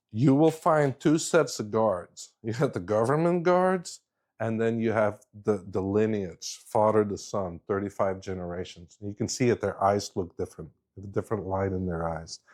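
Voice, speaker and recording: A man's voice: fairly low pitch, moderate pace, a little mellow. A middle-aged man telling a story in a casual, rambling way, often restarting his sentences. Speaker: guest speaker.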